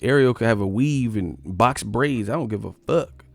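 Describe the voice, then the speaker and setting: Gravelly, profane man ranting on stream. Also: medium pitch, normal speed, dry recording. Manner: profane, animated, mocks others in put-on voices. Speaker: boxing channel host. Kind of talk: live stream rant.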